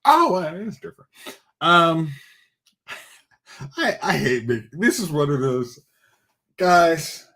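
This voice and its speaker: Excitable co-host ranting about movies. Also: male voice, fairly high pitch, normal speed. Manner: excitable, rants in bursts. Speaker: podcast co-host. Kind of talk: casual movie chat.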